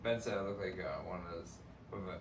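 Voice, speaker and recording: A man's voice: low-pitched, fast talker, recorded from a distance, noisy background. A man in casual chat who rambles with many hesitations and laughs easily. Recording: echoey room from off-mic, audible ambience.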